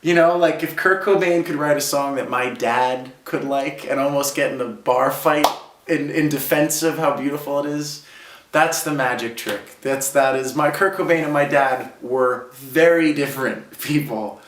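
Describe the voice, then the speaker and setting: A mid-range, somewhat bright voice at a moderate pace belongs to a thirties-aged musician from Brooklyn, New York, telling reflective stories as a guest. He's casual and sincere, often saying "like," recorded away from the mic in a roomy room with some hiss or hum.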